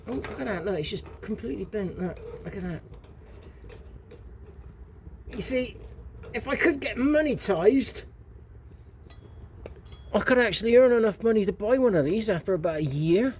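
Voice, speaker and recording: A man's voice: high-pitched, lively intonation, moderate pace, darkish tone, slight background noise. A man with a West Country accent talking casually to camera while cooking over a fire outdoors, rambling with wry asides and muttered remarks to himself. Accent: West Country English. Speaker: vlogger.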